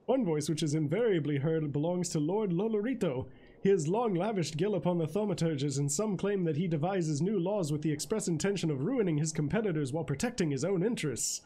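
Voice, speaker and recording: A man's voice: on the high side, expressive, fairly quick, dark tone, slightly rough. A man reading aloud the lines of a genteel, well-spoken male informant in a game, in a florid, formal way. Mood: courtly.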